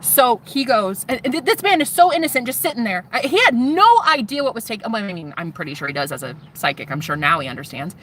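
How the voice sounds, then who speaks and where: Intense woman vlogger with a sharp bright voice, telling her story to camera. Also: on the high side, very animated, fast talker, hardly any pauses. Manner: intense, swearing, addresses viewers as guys. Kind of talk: emotional personal testimony.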